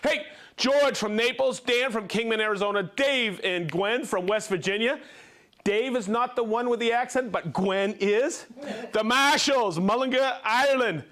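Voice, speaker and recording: A man's voice: sits high, moderate pace, fairly bright tone, slight background noise. A man hosting a company live stream, reading out viewer names in an upbeat, casual way. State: out of breath. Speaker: livestream host. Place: company headquarters studio.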